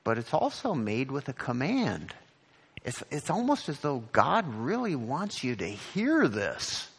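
A man's voice: wildly swooping pitch, a little slow, a bit bright, slightly rough, in a large hall. A man preaching a sermon as pastor, earnest and repeating his words as he reads from scripture. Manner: earnest, repeats words, rises in pitch on questions.

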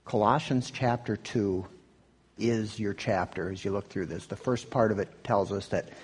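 A male pastor gives a conversational sermon with commentary on clips, often interrupting and restarting himself and tossing in a rhetorical "right?". His lowish voice has a breathy edge, moves at a moderate pace, and carries a big-room sound.

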